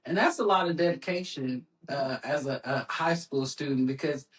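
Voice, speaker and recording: A man's voice: fairly high pitch, normal speed, a bit bright. A man hosting a podcast, talking in a casual, encouraging way with frequent restarts and playful asides. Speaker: podcast host. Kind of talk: casual interview chat. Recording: roomy echoing room.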